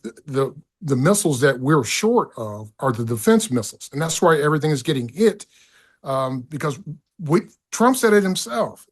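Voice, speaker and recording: A middle-aged man talking as a podcast guest, excitable and profane, often stumbling over his words. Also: on the high side, moderate pace, slightly rough. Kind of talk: casual political chat.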